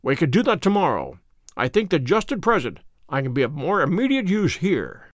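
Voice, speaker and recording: A man reading an audiobook, voicing a calm, authoritative detective with a measured manner. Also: on the high side, no echo, studio quality. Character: sharp, commanding male detective, calm and cryptic.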